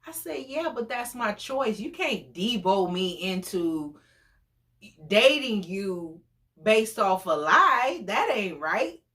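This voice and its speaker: A woman in her forties tells a story in a relaxed, unhurried way. Her pitch leaps and swoops constantly, and she talks with big exclamations and frequent laughs. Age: 40s. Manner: animated, exclamatory, laughs often. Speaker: storytime vlogger. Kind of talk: casual storytelling.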